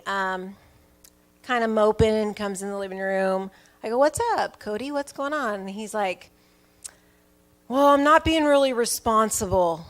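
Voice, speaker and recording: Lively woman telling a family story. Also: medium pitch. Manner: animated, acts out family dialogue with rising excitement. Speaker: guest, mother of five. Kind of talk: personal storytelling in an interview.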